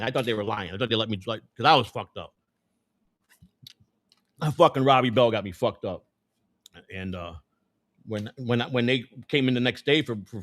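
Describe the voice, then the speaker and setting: A man's voice: fairly low pitch, a bit bright, no echo. A man hosting his own show, telling a long personal story in a loose, rambling way, swearing often and restarting his sentences. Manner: rambling, profane, repeats words and restarts. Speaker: show host. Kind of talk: casual storytelling.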